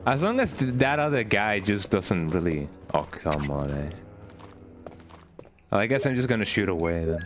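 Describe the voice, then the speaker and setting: In a fairly low, sing-song voice at a moderate pace, a man gives casual gameplay commentary over soft background music. He chats playfully with his viewers while playing, ending nearly each sentence with an inquiring "eh?".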